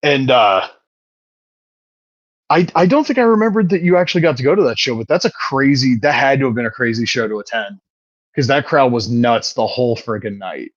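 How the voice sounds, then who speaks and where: A man hosting a podcast in casual chat, telling stories in an animated, profane way. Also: medium pitch, a little fast, dry recording, highs cut off. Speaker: podcast host.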